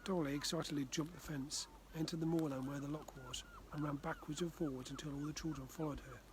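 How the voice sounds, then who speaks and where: A man from the Far North of Scotland reading his children's book aloud, gently. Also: fairly high pitch, lively intonation, brisk, background noise. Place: outdoors by a frozen loch.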